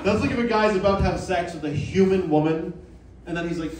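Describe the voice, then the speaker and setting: A young man performing a stand-up set in a small club, self-mocking and bantering with the crowd. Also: high-pitched. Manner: playful, self-mocking, quick asides to the crowd. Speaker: stand-up comedian. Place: small comedy club with a live audience. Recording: roomy club sound, mic heard from a distance, audience noise.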